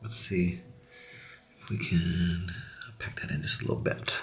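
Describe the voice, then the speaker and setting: A young male beauty vlogger tries out makeup on camera, chatting in an upbeat, talkative way and sometimes dropping to a whisper as he applies it. His voice is low, with fairly even intonation and a measured pace.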